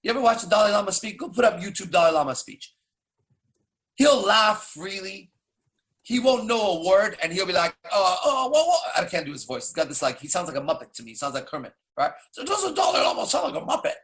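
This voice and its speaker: A man's voice: high voice, fairly quick, a bit bright. A man coaching in a blunt, profane casual monologue, firing off rhetorical questions. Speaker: dating coach.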